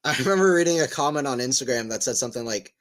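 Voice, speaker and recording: A man's voice: medium pitch, very fast. Chatty man calling tennis live. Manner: chatty, rambling asides between excited point calls. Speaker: livestream tennis commentator. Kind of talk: casual live play-by-play commentary.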